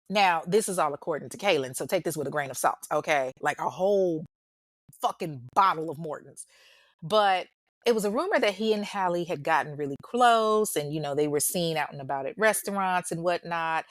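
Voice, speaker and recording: Lady hosting a true crime show, casual storytelling, blunt and slangy, lowish voice, dry sound. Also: moderate pace, dry recording. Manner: blunt, animated, slangy and profane asides.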